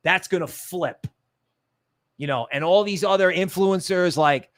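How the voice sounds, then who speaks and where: A man hosting a casual livestream, talking in a rambling, jokey way and dropping into low asides. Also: unhurried, dry recording, studio quality. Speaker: crypto livestream host.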